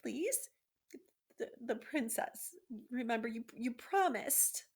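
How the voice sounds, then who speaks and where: A woman's voice: a little high, lively intonation, a little slow, vocal fry, voice pushed up, full character voice. A woman doing a tiny, pleading mouse. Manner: pleading, tearful. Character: tiny frightened male mouse. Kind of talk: storybook read-aloud.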